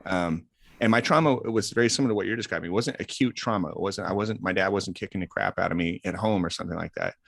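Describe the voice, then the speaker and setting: A man's voice: low voice, quick pace, creaky, dry recording, clean studio sound. A man, a life coach telling stories in a casual interview and acting out the dialogue. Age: 40s. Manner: animated storyteller acting out quoted dialogue. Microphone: close podcast mic.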